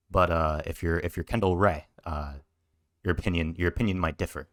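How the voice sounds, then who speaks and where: A man's voice: deep voice, moderate pace. A man hosting a commentary video, talking in an indignant, emphatic way, swearing and repeating his points. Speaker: commentary channel host. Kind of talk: reaction commentary.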